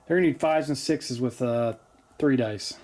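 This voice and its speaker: A man's voice: mid-range voice, normal speed, heavy background noise. Chatty man calling a wargame. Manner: chatty, jokey, frequent "uh" fillers. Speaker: tabletop wargame host. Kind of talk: casual battle report commentary. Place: home basement.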